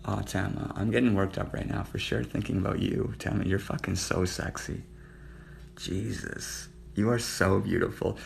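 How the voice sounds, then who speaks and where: Gravelly man flirting on a livestream. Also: sits low, steady tone, moderate pace, a little hiss or hum. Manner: flirtatious, addressing viewers by name, drops to murmurs. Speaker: livestream host. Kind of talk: flirty livestream chat with viewers.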